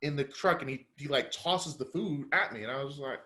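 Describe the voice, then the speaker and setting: Animated slang-heavy man telling a story. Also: mid-range voice, brisk. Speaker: podcast co-host. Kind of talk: casual storytelling chat.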